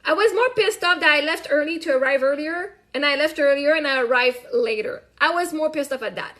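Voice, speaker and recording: A woman's voice: high-pitched, a little fast. A woman hosting her own show, talking casually and animatedly, acting out her conversations and swearing freely. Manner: animated storytelling, swears freely, acts out dialogue. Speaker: show host; mother. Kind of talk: casual monologue.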